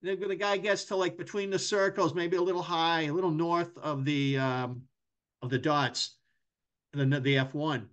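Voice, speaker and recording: A middle-aged man, a hockey journalist guest on a podcast, chatting casually and telling long rambling anecdotes that turn loud and animated. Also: on the high side, normal speed, muffled recording.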